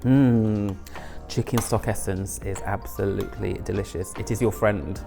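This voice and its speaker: A man's voice: on the low side, steady tone, measured pace, gravelly, music in the background. A man chatting casually through a home cooking video, rambling with self-mocking asides. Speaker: home cook and channel host. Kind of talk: casual cooking vlog chat.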